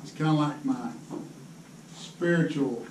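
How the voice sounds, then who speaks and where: A man's voice: on the high side, takes it slowly, a little mellow. A man telling rambling, laughing stories to a crowd at a tackle show seminar. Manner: folksy, rambling, laughs often. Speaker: fishing pro giving a seminar. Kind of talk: casual storytelling to a crowd. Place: indoor tackle show hall. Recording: echoey hall, distant mic, crowd noise.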